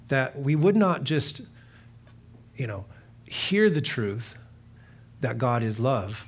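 A pastor preaching a sermon in a conversational way, rising to earnest emphasis and dropping to quiet reflection. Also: male voice, mid-range voice, husky. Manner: conversational, with many fillers and restarts.

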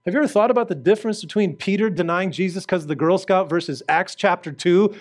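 A high-pitched male preacher races through a fervent sermon with hardly any pauses. He puts direct questions to the congregation and alternates between shouting and quiet prayer.

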